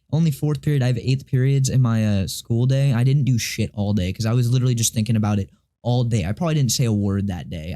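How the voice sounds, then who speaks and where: A teenage boy telling a personal story to camera, rambling and halting, with many restarts, fillers and casual swearing. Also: medium pitch, mellow. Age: teens. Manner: confused and frustrated, swears casually. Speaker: vlogger.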